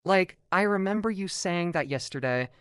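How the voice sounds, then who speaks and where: A man voicing a hot-tempered sixth-grade boy classmate who is quick to anger and accuses others. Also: high-pitched, expressive, fairly bright tone, clean tone, dry recording, studio quality. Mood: accusing.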